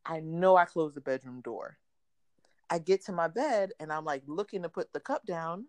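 A woman's voice: sits low, moderate pace, no room sound. A woman in her thirties telling a funny home story in casual chat, laughing and acting out what people said. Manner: animated, laughing, acts out quotes.

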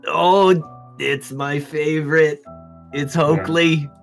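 A man's voice: on the high side, steady tone, very slow, creaky, faint music behind, pitched above the performer's own voice, exaggerated voice. A man voicing a fussy, doting middle-aged mother in a tabletop game, with a raised, scolding voice.

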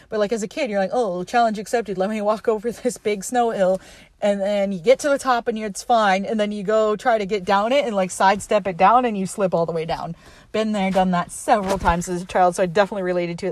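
A woman's voice: mid-range voice, dry recording. Chatty young woman recapping a film. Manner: chatty, animated retelling with lots of fillers. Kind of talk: casual movie recap.

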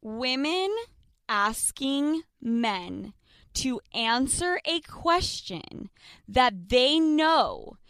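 A woman in her twenties co-hosting a podcast, chatting casually, brash and loud, swearing freely. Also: sits high, lively intonation, extremely slow, clear, resonant tone, dry recording. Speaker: podcast co-host. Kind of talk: casual chat.

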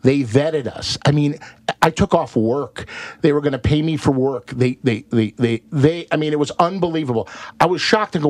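Profane, animated man telling a story. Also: on the high side, normal speed, no echo. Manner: animated, profane, rambling with restarts. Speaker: guest actor. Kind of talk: casual podcast storytelling.

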